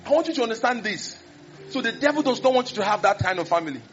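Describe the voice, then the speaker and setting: Brief: high-voiced male preacher, lively storytelling sermon. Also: quick pace, faint music behind. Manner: animated, acts out scenes, exclamations. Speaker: pastor. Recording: dull lo-fi recording.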